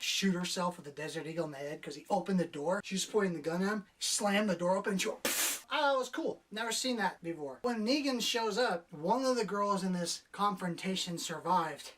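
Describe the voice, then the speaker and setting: A woman delivers a casual, sarcastic spoken film review, swearing freely, mocking the characters and acting out their lines. Her voice is on the low side and she sounds far from the mic.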